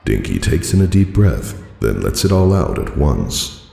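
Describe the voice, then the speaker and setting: A man narrating a fan audiobook in a dry, formal storytelling manner with a gravelly voice. His voice carries a roomy reverb. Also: very deep voice, big pitch swings, measured pace, dark tone.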